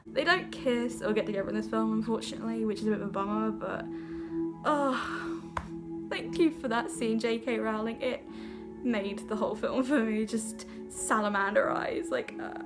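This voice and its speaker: Young woman gushing about a movie, giggly and rambly, kinda high voice, soft music behind. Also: normal speed. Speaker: vlogger. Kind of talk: casual film review vlog.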